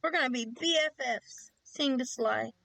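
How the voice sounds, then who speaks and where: A woman streaming video games in casual commentary, playfully cooing at in-game animals in a high baby voice. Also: moderate pace, vocal fry, sharp tone, dry recording, faint music behind.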